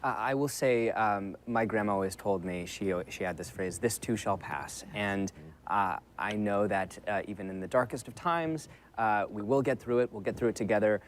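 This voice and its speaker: A man talking as a panel guest, sincere and halting, with many fillers. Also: on the low side, a little hiss or hum. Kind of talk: casual chat.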